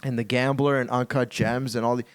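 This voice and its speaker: Man, podcast host, casual chat, animated, repeats himself, swears. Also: medium pitch, fairly quick, smooth. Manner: animated, repetitive, swearing freely.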